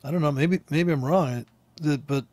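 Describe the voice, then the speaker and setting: A man's voice: fairly high pitch, normal speed, darkish tone, dry recording. A man from the United States, a forex trader, ranting in a casual, rambling way over a live chart, swearing freely and laughing often. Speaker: forex trader and trading teacher.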